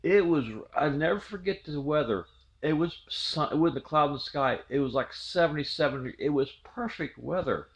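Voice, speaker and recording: A middle-aged channel host from southwest Ohio casually shares a memory, rambling and repeating words. His voice sits on the high side, he talks at a moderate pace, and the audio sounds dull.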